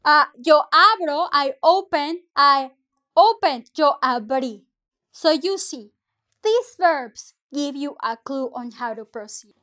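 High-voiced, slow-talking teacher woman. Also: lively intonation, fairly bright tone. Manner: patient, explains step by step, mixes English and Spanish. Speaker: Spanish teacher. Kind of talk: language lesson.

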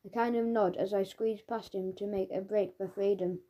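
An audiobook narrator with a mellow female voice reads a children's story in first person, voicing a schoolboy's thoughts. She speaks at a moderate pace in a mid-range voice, lively and full of storytelling flair.

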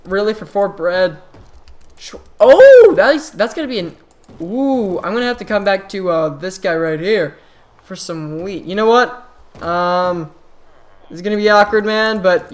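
A man talks through his game session into a desktop microphone, in loose, casual commentary. He is quick to exclaim and often restarts his sentences as things happen on screen. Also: sits high. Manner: excitable, frequent exclamations and restarts. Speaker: gaming channel host.

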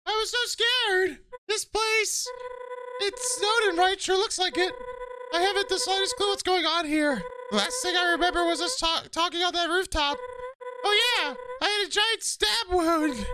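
Squeaky bird gal as a guy does her, gushing n breathless, video game friend. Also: normal speed, noisy background. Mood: overjoyed.

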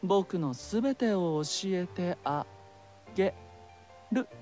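A soft, teasing young vampire. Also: male voice, high voice, animated, normal speed. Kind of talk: Japanese dating-game voice acting. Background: game music.

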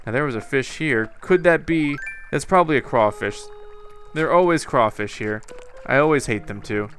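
A young man rambling through casual game commentary, cracking jokes and talking to himself as he plays. His voice is bright and forward, set at an ordinary male pitch, with soft music running under it. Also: animated, normal speed. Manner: joking, rambling, self-talking. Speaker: gameplay commentator.

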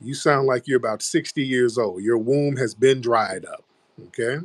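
A man's voice: medium pitch, moderate pace, no echo. A man hosting a live stream, mocking and taunting a caller in a heated argument and repeatedly calling her "ma'am". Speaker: livestream host.

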